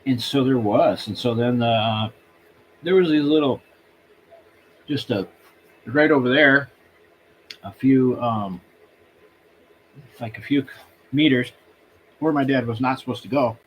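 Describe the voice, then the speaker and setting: A man hosting a live stream from home, telling a long story in a rambling, halting way and circling back. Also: mid-range voice, muffled recording, a little hiss or hum.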